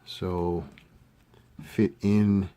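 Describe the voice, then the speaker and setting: A man with a fairly low voice walks through a model build in a casual tutorial. He thinks aloud as he works, relaxed and unhurried, with plenty of fillers. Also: dull audio. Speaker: scale model hobbyist demonstrating a kit build.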